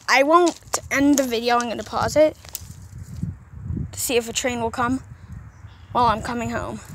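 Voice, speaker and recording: A woman chatting to herself beside railway tracks, drawled out slowly in a put-on country accent. Her voice sits a little high, and the noisy outdoor recording picks up wind and passing traffic. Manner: rambling, talking to herself while waiting. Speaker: vlogger. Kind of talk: casual outdoor vlog.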